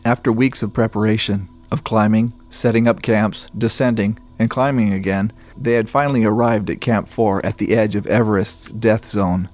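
A man reading a story aloud in a steady, descriptive narration. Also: on the low side, normal speed, hardly any pauses, faint music behind. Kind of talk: scripted narration.

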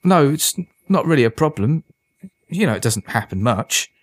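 A man voicing an anxious, easily embarrassed teenage boy who talks quickly and defensively. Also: very animated, no room sound. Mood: ashamed. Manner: quick, defensive and squeaky when upset.

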